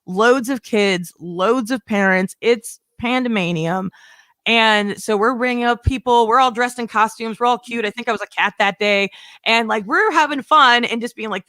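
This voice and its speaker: In her stand-up set, this young comedian spins an animated, meandering tale, voicing the people she quotes. Her pitch is fairly high, and the studio-clean audio carries no echo.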